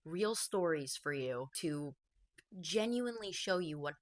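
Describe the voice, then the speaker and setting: A woman giving personal commentary to camera, speaking slowly and haltingly, soft and emotional. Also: low-pitched, lively intonation. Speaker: video essay creator.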